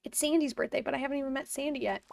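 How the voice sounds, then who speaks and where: A woman's voice: sits high, very fast, vocal fry, a little mellow, distant mic, a little hiss or hum. A woman in her twenties streaming a farming game from home, chatting casually with her chat and laughing often. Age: 20s. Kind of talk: casual live-stream chat while gaming.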